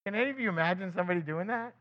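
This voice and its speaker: High-voiced man teaching a sermon. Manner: asks the listeners frequent rhetorical questions; breaks into quick acted quotes of other people. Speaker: Bible teacher. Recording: dull lo-fi recording.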